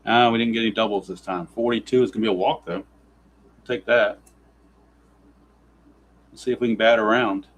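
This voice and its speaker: A lower-voiced man calls a tabletop baseball game play by play, reading out dice results. He grumbles and turns sarcastic whenever the rolls go against him. A faint hiss of background noise sits under his voice. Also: fairly even intonation, moderate pace, pauses often, poor audio. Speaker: tabletop baseball simulation player narrating. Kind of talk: play-by-play style game narration.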